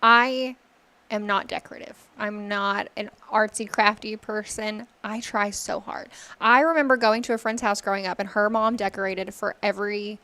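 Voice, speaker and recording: A woman co-hosting a casual morning show, trading quick, playful quips. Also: mid-range voice, steady tone, pushed and bright.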